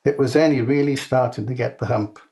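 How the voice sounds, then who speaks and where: Man narrating a deadpan comic story. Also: medium pitch, a little fast. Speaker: author reading his own story.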